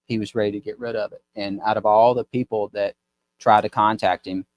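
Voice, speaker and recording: This is a low-pitched man with a drawl, chatting casually as a podcast guest. He rambles through his stories with a folksy ease and acts out the people in them. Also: level tone, a little fast, no room sound, muffled recording. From Mississippi. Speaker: podcast guest, business owner. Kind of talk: casual storytelling chat.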